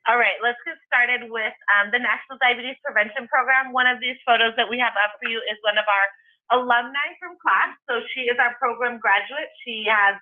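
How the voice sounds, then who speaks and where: Woman presenter, plain delivery, slightly high; thin, phone-like recording. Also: a little fast. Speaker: speaker, public health trainer. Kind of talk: conference presentation.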